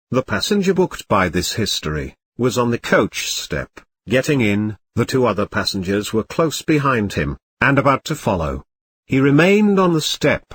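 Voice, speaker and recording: A man reading a classic novel aloud as an audiobook narrator, even reading punctuation and chapter numbers. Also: mid-range voice, breathy edge.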